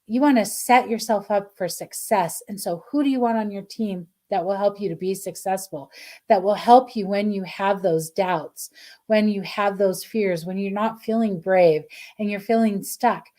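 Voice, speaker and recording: Chatty middle-aged lady doing card readings on a stream, warm mellow voice, gushes a lot. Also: medium pitch. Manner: effusive, chatty, reads viewer comments aloud. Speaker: spiritual card reader, host.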